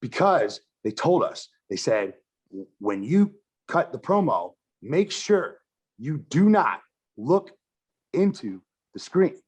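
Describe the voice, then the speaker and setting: A man's voice: mid-range voice, slow pace, slightly rough. A man telling a story in a casual podcast chat, swearing freely and acting out what people said. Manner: animated, swears constantly, acts out quotes. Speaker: podcast guest, wrestler and filmmaker.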